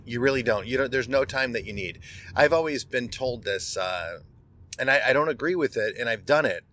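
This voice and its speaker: A man's voice: mid-range voice, animated, fairly quick, fairly bright tone. A middle-aged man, a podcast host, telling a personal story in a candid, conversational monologue and often restarting words.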